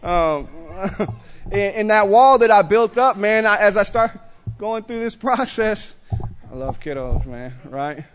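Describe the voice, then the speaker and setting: High-voiced man sharing at a meeting. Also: expressive, slow pace. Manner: loose and conversational, peppered with "man" and "right?"; frequent restarts and stammered repeats. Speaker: speaker at a recovery meeting. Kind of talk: casual recovery meeting share to a group. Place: meeting room with a group.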